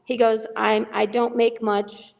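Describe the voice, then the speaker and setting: A middle-aged woman with a rough, gravelly voice pitched a little high tells a story as a guest on a remote call. She is animated and acts out every line of dialogue herself. Her voice carries a long, echoing reverb. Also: unhurried. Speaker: guest, charity volunteer. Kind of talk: casual storytelling on a call-in podcast.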